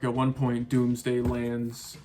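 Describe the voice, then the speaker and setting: A man's voice: medium pitch, monotone, takes it slowly, mellow. A man reviewing a film in a casual rant, sarcastic, exasperated and full of profanity. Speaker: movie reviewer.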